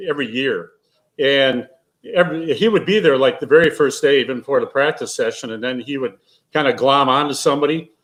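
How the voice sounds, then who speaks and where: A man's voice: medium pitch, poor audio. Older man telling rambling stories. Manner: rambling anecdotes with restarts and laughs. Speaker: guest, retired pro bowler. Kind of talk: casual storytelling.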